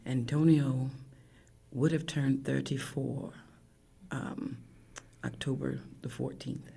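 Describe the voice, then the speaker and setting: A woman in her fifties, a grieving mother, tells her story emotionally, her voice cracking and often falling to a hushed whisper. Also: extremely low pitch, steady tone, takes it slowly, vocal fry, slightly rough. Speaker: guest, bereaved mother. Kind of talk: emotional personal account.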